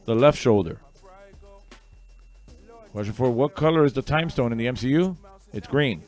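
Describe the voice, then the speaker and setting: A man runs an online trivia night from home, reading out questions and answers. He drifts into casual, rambling asides between them. Soft music plays faintly underneath. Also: medium pitch, expressive, moderate pace. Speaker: trivia host. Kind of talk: casual livestream trivia hosting.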